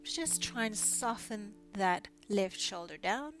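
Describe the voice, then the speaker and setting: A woman leads a neck mobility session as a physiotherapist, speaking at an ordinary middle pitch. She cues each movement calmly and gently, with encouragement along the way. Faint guitar music plays quietly behind her. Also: takes it slowly. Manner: calm, encouraging step-by-step cueing. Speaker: physiotherapist instructor. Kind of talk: guided exercise instruction.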